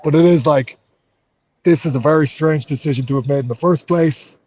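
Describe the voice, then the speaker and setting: A man's voice: a little high, a little fast, a little mellow, muffled recording. A man with an Irish accent, a fighter in an interview, talking heatedly and swearing a lot. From Ireland. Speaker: MMA fighter.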